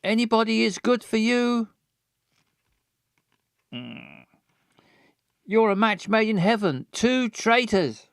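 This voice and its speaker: A man's voice: high voice, lively intonation, a little slow, pauses often, dry recording, clean studio sound, voice pushed up. A man reading game dialogue aloud, voicing a jilted, angry young woman who speaks melodramatically and repeats herself insistently. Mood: accusing.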